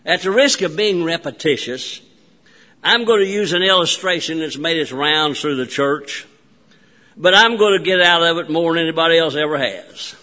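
A man delivers a sermon in a church, emphatic and unhurried, with long pauses and occasional restarts. His voice sits high and bright. The sound rings with the long reverb of a large sanctuary. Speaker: pastor.

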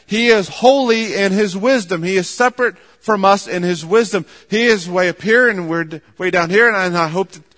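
A man with a high voice preaches a sermon in measured, emphatic phrases, stressing points by repeating words. His voice rings out with the long reverb of a large hall. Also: a bit bright.

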